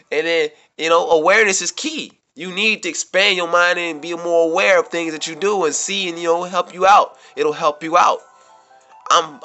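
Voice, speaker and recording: A man's voice: sits high, sharp tone. A man telling a rambling, profane story straight to camera as a vlogger, repeating himself and getting worked up as he goes. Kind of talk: casual storytelling monologue. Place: New York City.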